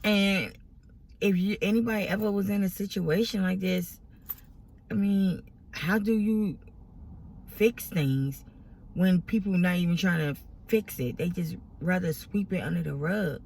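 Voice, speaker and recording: A grown woman vents to camera for her followers about family drama, exasperated and close to tears, rambling with many restarts. Her voice sits on the low side, a little slow, a little mellow, and slightly rough.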